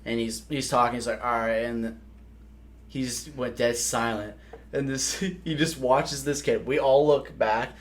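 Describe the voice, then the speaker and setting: A man's voice: medium pitch, steady tone, measured pace. A young man from South Dakota, hosting a podcast and telling rambling, profane stories in casual chat. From South Dakota, USA. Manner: rambling, profane, laughs mid-story. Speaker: podcast host.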